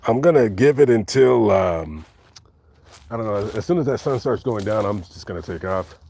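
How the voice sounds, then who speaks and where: A man live-streaming outdoors in a cemetery, talking casually and reading viewer comments, with many halting restarts and fillers. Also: on the low side, animated, warm tone, husky. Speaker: vlogger reading live chat.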